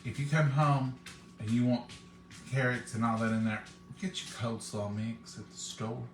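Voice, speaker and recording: A man's voice: medium pitch, little pitch movement, moderate pace, soft background music. Chatty man in an echoey kitchen. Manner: homey, folksy, chatty, talks straight to viewers. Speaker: host of a live cooking stream. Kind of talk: casual chat to viewers.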